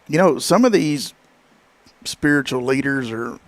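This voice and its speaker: Casting: man, talk show guest, relaxed wry storyteller, close dry sound. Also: medium pitch, unhurried, dry recording. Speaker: guest, funeral home director. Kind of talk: casual talk show chat.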